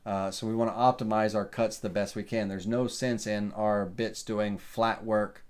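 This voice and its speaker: A man giving a relaxed live woodworking software tutorial, answering viewer questions with lots of fillers. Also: lowish voice, normal speed. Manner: casual, folksy, lots of uh and um fillers. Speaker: CNC woodworking instructor.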